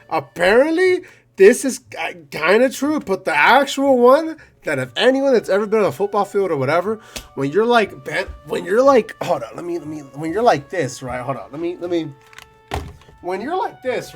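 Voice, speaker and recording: A man's voice: fairly high pitch, very animated, moderate pace, soft background music. A young man hosting a let's play, reading a visual novel aloud with profane, rambling, joking asides, slightly out of breath. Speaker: gaming video host.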